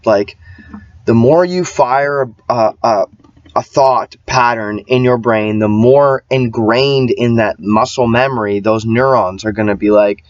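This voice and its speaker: This vlogger's casual monologue is an emphatic, swear-filled rant full of restarts and tangents, and he often imitates other people's voices. He speaks at a medium pitch and a measured pace. The audio is dull, lo-fi, and dry, with no room sound.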